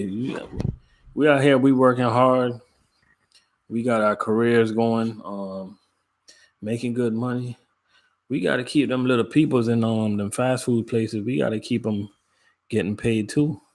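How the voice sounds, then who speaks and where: A man from Jamaica hosting a casual livestream, chatting in laid-back slang, greeting viewers by name and laughing often. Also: medium pitch. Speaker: livestream host. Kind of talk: casual live chat with viewers.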